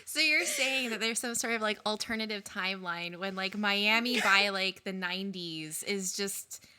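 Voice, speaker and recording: Bright-toned woman podcast co-host. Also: mid-range voice, normal speed, clear, resonant tone. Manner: rambling, reasons things out aloud. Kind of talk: casual book-and-film chat.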